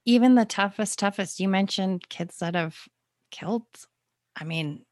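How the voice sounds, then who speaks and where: A woman's voice: mid-range voice, unhurried, a little mellow, dry recording, studio quality. A woman hosting a podcast, encouraging her guest with short affirmations. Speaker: podcast host. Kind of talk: casual podcast interview.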